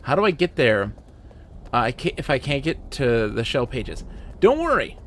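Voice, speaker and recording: A man's voice: medium pitch, animated, normal speed, a bit bright, slight background noise. A man commenting live on his gameplay, thinking aloud and chatting with a fellow player. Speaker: game streamer.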